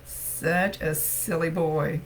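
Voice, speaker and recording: A woman's voice: deep voice, steady tone, slow pace, a little hiss or hum, rough recording. A woman psychic medium chatting casually through a reading, laughing often as she relays messages.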